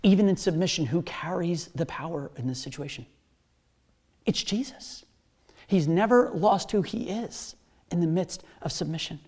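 A preacher giving a sermon, animated and swinging from loud emphasis to hushed whispers. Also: medium pitch.

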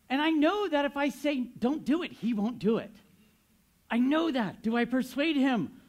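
A man's voice: very high voice, sing-song, moderate pace. A man in his thirties, a pastor giving a sermon, telling a story with playful asides to the congregation.

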